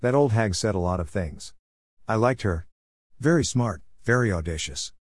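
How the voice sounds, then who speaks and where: A man's voice: on the low side, animated, normal speed, dry recording, studio quality. A man voicing a scheming, boastful male affliction spirit who mocks and gloats in a storybook tale. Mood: gloating.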